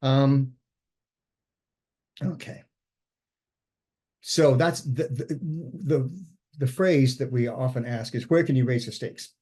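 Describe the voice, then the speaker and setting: Mellow-voiced man teaching screenwriting. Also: medium pitch, takes it slowly, pauses often, husky. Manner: conversational, thinks aloud. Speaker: screenwriting instructor. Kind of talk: informal writing workshop talk.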